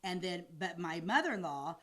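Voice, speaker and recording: Bright-voiced chatty woman co-host. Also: on the low side, expressive, normal speed. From United States. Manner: chatty, rambling, stumbling over names. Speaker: podcast co-host. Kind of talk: casual chat.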